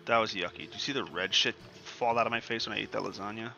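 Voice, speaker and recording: A man's voice: on the low side, fast, vocal fry, hardly any pauses, music in the background. A young man giving casual, profane commentary over a game he is playing, rambling and ranting as he goes. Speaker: gaming streamer.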